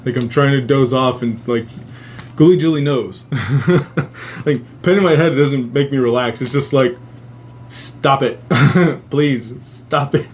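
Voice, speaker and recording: A man hosting a live show, telling a dream story in a profane, rambling, animated way. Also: mid-range voice, slight background noise. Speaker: host. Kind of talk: casual storytelling.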